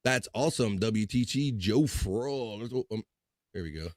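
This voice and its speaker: A man's voice: on the low side, moderate pace, a little mellow, no echo, studio quality. Chatty male livestream host. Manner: loose, chatty and upbeat, with playful filler sounds. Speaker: host of a live chat show. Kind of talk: casual livestream chat, reading out viewer comments.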